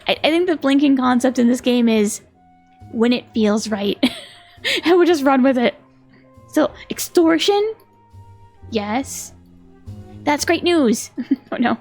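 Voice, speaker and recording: A woman's voice: high-pitched, normal speed, pauses often, a little mellow, faint music behind. A woman from Minnesota streaming a detective video game, reading its dialogue aloud with playful, giggly commentary. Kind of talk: casual let's-play commentary.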